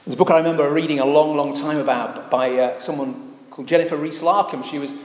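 In an echoey church hall, a man delivers an earnest sermon, frequently posing rhetorical questions to the congregation. He talks fast in a fairly high voice with fairly even intonation.

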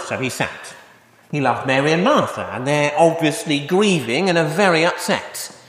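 Man preaching in an echoey hall. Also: fairly high pitch. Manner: earnest, with rhetorical questions and frequent restarts. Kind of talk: sermon. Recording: echoey hall, long reverb.

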